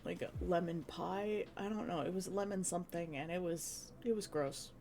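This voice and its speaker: A woman's voice: fairly low pitch, normal speed, creaky, dark tone, faint music behind. A young woman from Canada, chatting casually with her stream chat in a rambling way, full of restarts.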